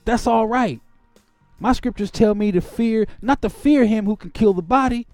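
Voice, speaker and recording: A man preaches in a high, urgent voice that swings from quiet, reflective stretches to angry, heated bursts. The sound is dry and close, with no room echo. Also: moderate pace, soft background music. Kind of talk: impassioned sermon-like testimony.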